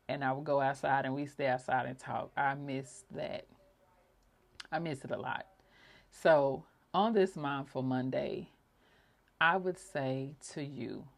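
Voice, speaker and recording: A woman with a low, deep speaking voice. She talks in a heartfelt, emotional way, telling personal stories as a podcast host with bursts of laughter. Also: unhurried, vocal fry. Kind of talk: personal reflective monologue.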